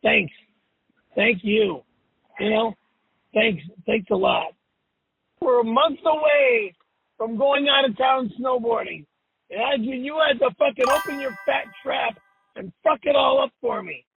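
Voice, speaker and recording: A man's voice: very high voice, measured pace, creaky, pauses often, slightly rough, no echo. A man leaving an angry, profane voicemail from his car, cursing and repeating himself. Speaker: show host. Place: driving in a car. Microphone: phone. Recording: tinny phone voicemail.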